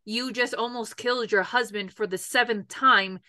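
Blunt woman co-host, bright, tense voice, high-ish, dry close sound. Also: fairly even intonation, normal speed, no echo. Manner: blunt, swears, exasperated rants. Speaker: podcast co-host. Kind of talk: casual chat.

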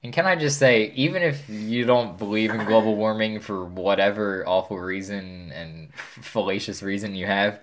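A young woman in casual chat, quick and teasing, asking curious questions. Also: rumbling low. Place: basement.

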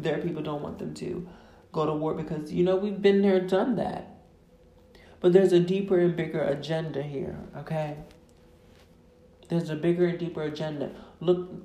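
A woman rants as a podcast host, loud and emphatic, swearing freely and stretching her words for stress. Her voice sits low and has a dark, mellow tone. The sound is roomy, with echo around her. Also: slight background noise. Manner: loud, emphatic, heavy profanity, drawn-out stresses. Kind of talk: profane casual rant. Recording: echoey room.

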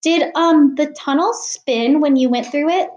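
A woman's voice: high-pitched, measured pace, darkish tone, highs cut off, voice pushed up. A woman reading as a shy hesitant girl. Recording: roomy echo.

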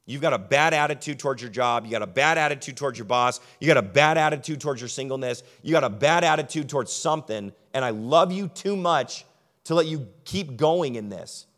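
A young adult male pastor giving a sermon, who moves from quiet, low storytelling to loud, emphatic preaching. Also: lively intonation, fairly quick.

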